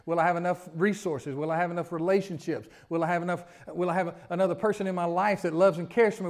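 Man, pastor, higher-pitched voice, emphatic sermon delivery with sudden quiet drops. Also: fairly even intonation, fast talker, hardly any pauses. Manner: preaching with wide swings from loud emphasis to quiet asides; repetitive, building lists of rhetorical questions.

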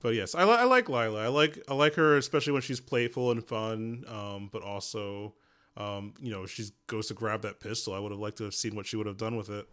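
A man's voice: on the low side, fairly quick, fairly bright tone, smooth. A man who is a guest on a comics podcast, chatting casually and enthusiastically, with many "like"s and "um"s. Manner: enthusiastic, hedging with "like" and "um". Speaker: guest, music composer. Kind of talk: casual chat.

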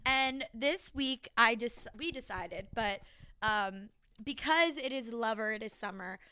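A young woman chatting on a podcast in a bright, fairly high voice, dropping "like" into almost every line. She tells her story casually with quick laughs. The sound is dry and close to the mic. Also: smooth, no echo. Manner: chatty, fillers of "like", laughs between lines. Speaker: podcast co-host.

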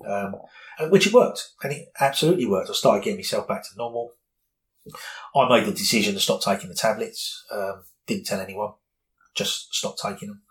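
A man's voice: fairly low pitch, a little fast, a bit bright, low-quality recording. A middle-aged man, candidly telling a personal story in an interview, rambling with many fillers.

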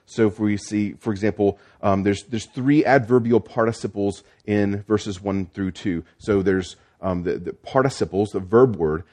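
A man's voice: lowish voice, darkish tone. A man preaching a sermon as pastor, explaining the text step by step with frequent restarts and fillers.

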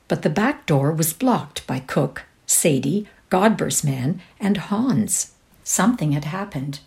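A woman's voice: takes it slowly, vocal fry. A woman with a Canadian accent giving a dramatic reading of a short story, acting out each character's lines. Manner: voices each character with lively shifts in pitch. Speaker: reader.

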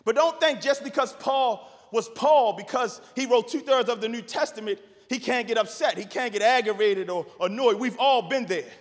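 A pastor in his thirties preaching a sermon, animated, rising to shouts and repeating phrases. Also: extremely high pitch, moderate pace, few pauses, long reverb tail.

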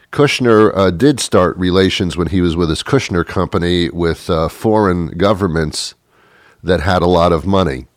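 Very deep-voiced sarcastic male host. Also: dry recording, clean studio sound. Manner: mocking, chuckling often. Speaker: political commentary host. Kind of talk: sarcastic political monologue.

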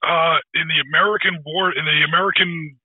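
A man co-hosting a wargaming podcast in casual chat, talking fast and bluntly with plenty of knowledge. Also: on the high side, steady tone, husky, dry recording. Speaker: podcast co-host. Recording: tinny phone-like remote line.

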